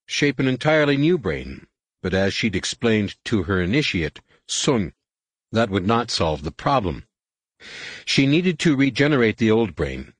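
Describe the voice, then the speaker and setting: A low-voiced man reads a science fiction audiobook in a measured, steady voice. His tone is husky, and the close recording is dry, with no room sound. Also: no room sound. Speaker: audiobook narrator. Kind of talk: scripted sci-fi narration.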